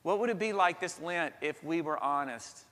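A man preaches from the pulpit in a slightly high voice, earnest and building with dramatic pauses and swells. His words ring out with the long reverb of a church sanctuary. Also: animated, sharp tone. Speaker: pastor. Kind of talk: sermon.

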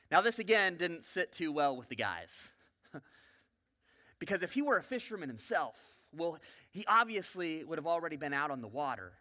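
A man preaching a sermon in a church, telling a story vividly with joking asides and sudden swings between loud and soft. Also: fairly high pitch. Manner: folksy, joking asides to the congregation. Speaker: pastor. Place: church sanctuary.

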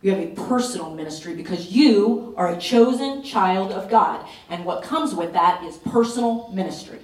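A woman's voice: mid-range voice, animated, normal speed, a little mellow. Fervent woman pastor preaching in a hall. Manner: fervent, urgent preaching with emphatic repetition. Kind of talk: sermon at a retreat. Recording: roomy echo, voice from a distance.

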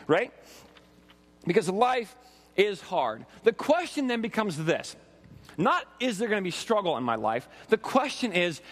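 A man in his forties preaching a sermon with animated, conversational storytelling and frequent asides to the congregation. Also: high-pitched, in a large hall. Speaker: pastor.

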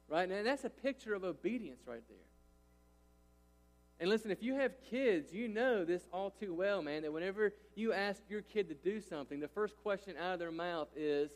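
A man in his thirties delivers a sermon in a slightly high voice. He is emphatic and keeps checking that listeners follow him. The sound rings with long reverb from a large hall. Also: expressive, moderate pace. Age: 30s. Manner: emphatic, repeats "right?" and "listen" to engage listeners. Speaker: pastor.

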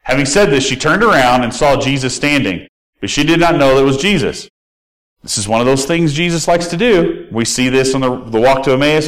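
A man's voice: medium pitch, poor audio. Male pastor, conversational sermon delivery, candid asides, mid-range voice.

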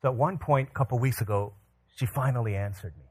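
Animated man preaching a sermon. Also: mid-range voice, fast talker, husky. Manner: animated storytelling with quoted voices. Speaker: pastor.

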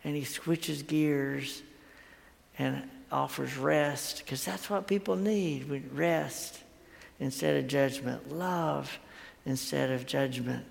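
Slow and steady, a mid-range male voice with vocal fry delivers a folksy sermon in a conversational way. The speaker is a middle-aged pastor who tells stories and repeats words as he thinks aloud, all under a long, hall-like reverb.

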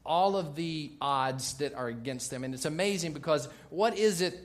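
A man preaching a sermon to his church in an energetic, joking way, loud at times. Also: on the high side, moderate pace. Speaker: pastor. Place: church in Baltimore.

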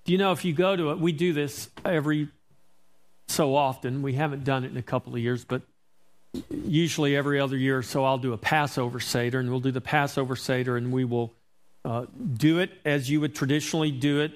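A man preaching a sermon as pastor, reading scripture and explaining it emphatically, with rhetorical questions to his congregation. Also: mid-range voice.

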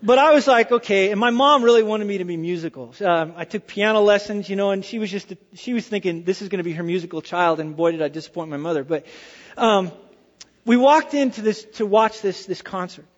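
A male pastor preaching a sermon, telling a personal story in an animated way and dropping to hushed tones for effect. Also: high voice, a little fast, big-room sound, lo-fi sound.

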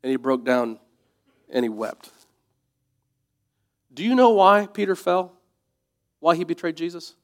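A man's voice: fairly high pitch, big pitch swings, a little slow, pauses often. Conversational, reflective male preacher. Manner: conversational, reflective, drops to soft asides. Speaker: pastor. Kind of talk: sermon.

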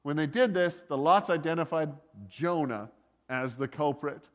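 A man's voice: on the high side, measured pace. A man preaching a casual sermon, retelling a story with joking asides and lots of "like" and "uh". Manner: conversational, joking asides, many likes and uhs. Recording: long reverb of a hall.

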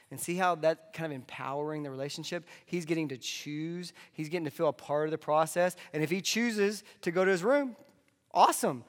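A man delivering a conversational sermon as a pastor, dropping into soft asides. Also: on the high side, normal speed. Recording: long hall reverb.

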